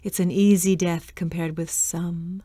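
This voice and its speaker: A hoarse, unvoiced whisper of a male ghost , as a woman narrator puts him on, full of hissing threat and mockery. It creeps along slowly and dryly, close to the ear. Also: on the low side, flat delivery, mellow, dry recording. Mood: menacing whisper. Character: menacing male ghost night watchman.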